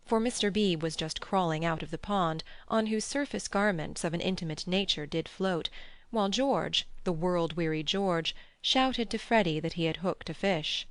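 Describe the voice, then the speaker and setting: A woman narrating a classic novel as an audiobook, with a measured, expressive reading on a close studio mic. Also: fairly low pitch, no room sound. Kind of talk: scripted narration.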